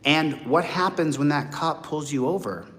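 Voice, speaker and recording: A man in his late forties talking to viewers in a blunt, animated monologue, acting out other people's voices. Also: a little high, moderate pace. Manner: blunt, profane. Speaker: host. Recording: long hall reverb.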